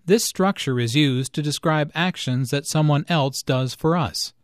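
Slow, deliberate male lesson narrator. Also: on the high side, no echo, studio quality. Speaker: language teacher narrator.

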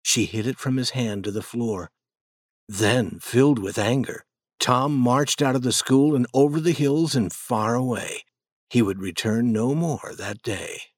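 A man narrating a storybook chapter in a plain, measured way. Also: medium pitch, no echo, studio quality.

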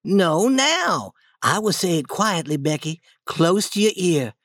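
A woman voicing an eager, boastful young schoolboy in a storybook reading, coaxing and lively. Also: lowish voice, measured pace, no room sound.

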